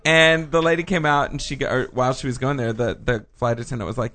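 Man, co-host, casual profane storyteller, mid pitch. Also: quick pace. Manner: animated storyteller, swears freely. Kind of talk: casual chat.

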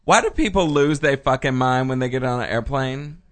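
A man's voice: mid-range voice, brisk. A man telling a travel story in casual chat among friends, swearing freely and acting out the people in it.

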